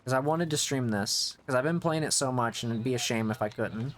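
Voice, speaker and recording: A man's voice: medium pitch, steady tone, fairly quick, few pauses. A man streaming a video game, giving casual running commentary that rambles and often restarts mid-thought to correct himself.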